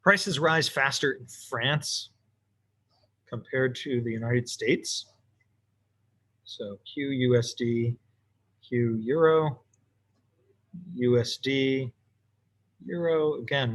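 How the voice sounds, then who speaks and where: A man teaching economics in a relaxed, offhand way, thinking aloud as he sketches graphs for an online class. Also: medium pitch, slow pace, long pauses. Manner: casual, talks to himself while drawing. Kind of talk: recorded lesson while sketching graphs.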